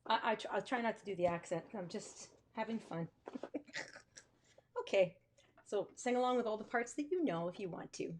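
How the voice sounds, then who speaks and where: A woman's voice: medium pitch, normal speed. A woman music teacher hosting a live stream, chatting casually with self-amused asides. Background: guitar music.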